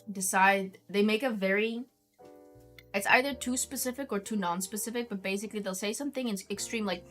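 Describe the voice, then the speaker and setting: A woman's voice: medium pitch, a bit bright. A young woman streaming as a vtuber, chatting casually to her viewers and rambling with lots of filler words. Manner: rambling, heavy use of "like" fillers. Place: home streaming setup.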